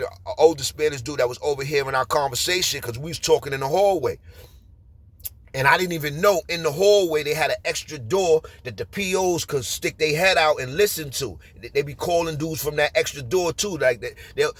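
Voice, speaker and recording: A man in his forties with a New York accent, telling street stories in a casual, animated way. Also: on the high side, dry recording. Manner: streetwise, animated, repeats "you heard?". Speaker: storyteller. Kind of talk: casual storytelling.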